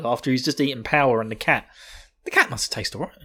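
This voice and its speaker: Man, podcast co-host, casual anime recap, laughs often, swears, mid-pitched voice. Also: quick pace. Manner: laughing, profane, animated retelling.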